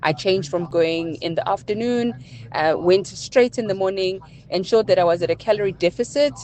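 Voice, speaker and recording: A woman's voice: mid-range voice, moderate pace, a little mellow. A woman calling in to a radio show, talking steadily and matter-of-factly. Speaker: caller.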